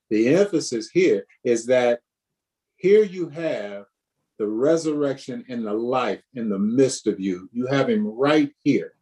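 A man's voice: mid-range voice, mellow. A man leading a Bible study group, teaching and preaching with repetitions and questions to the group. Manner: preacherly, repeats himself, asks the group questions.

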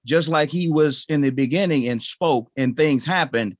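A man's voice: a little high, normal speed, no echo. A man in a Bible study group, building his point with preacherly emphasis. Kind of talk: conversational Bible study discussion. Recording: dry, dull lo-fi audio.

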